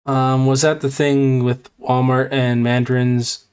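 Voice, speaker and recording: A man's voice: mid-range voice, flat delivery, measured pace, darkish tone, clear, resonant tone. A man streaming a game who tells a story in a rambling, casual way, full of fillers and repeated phrases.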